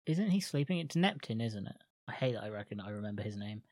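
A man's voice: lowish voice, animated, fast talker, a little mellow, no echo. A man co-hosting a film podcast, musing aloud in casual talk. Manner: brief agreeing interjections, musing questions. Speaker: podcast co-host. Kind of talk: casual chat.

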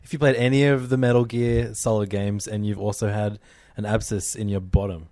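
A man's voice: on the low side, level tone, darkish tone, no room sound. A man hosting a podcast in casual chat, teasing his co-hosts. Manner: teasing, quick-talking. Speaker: podcast host.

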